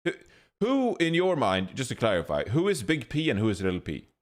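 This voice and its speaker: Male podcast host, lively pitch, mock-serious moderator. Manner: drawn-out, mock-serious questioning. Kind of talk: casual chat.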